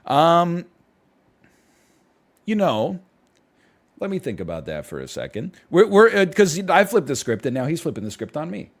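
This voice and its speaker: A young man talks through an argument on his live stream, weighing one side and then the other as he thinks aloud. His pitch rises and falls a lot. He sounds casual and animated. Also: normal speed, long pauses. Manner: animated, thinks aloud, argues both sides.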